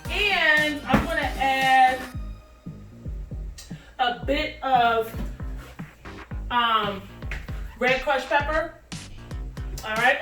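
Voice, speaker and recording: A high-pitched woman chats playfully while she cooks. She talks straight to her viewers, a little away from the mic in an echoey kitchen, with music behind her. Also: recorded from a distance. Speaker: cooking vlogger. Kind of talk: casual cooking chat. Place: home kitchen.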